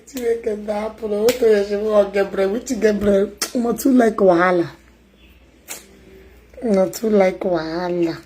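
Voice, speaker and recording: A Nigerian woman with an Igbo accent chatting loudly and emphatically as a stream host, mixing English and Igbo. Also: medium pitch, measured pace, slight background noise, poor audio. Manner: loud, emphatic talker.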